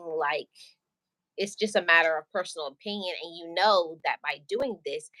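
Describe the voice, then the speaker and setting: A woman with a notably low voice gives relationship advice in a casual chat. She talks earnestly and keeps asking rhetorical questions. Her voice sounds close and dry, with no room echo. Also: a bit bright. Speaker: channel host.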